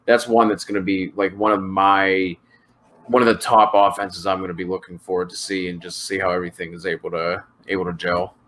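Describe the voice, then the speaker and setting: A man's voice: sits low, flat delivery, a little fast, a bit bright, a little hiss or hum. A man co-hosting a fantasy football podcast, rambling and joking with loose slang. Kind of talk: casual sports chat.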